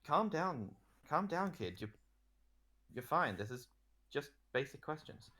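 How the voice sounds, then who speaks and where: A man's voice: on the high side, big pitch swings, measured pace, sharp tone, pitched above the performer's own voice, heavily acted. Man putting on a bored, haughty woman ruler.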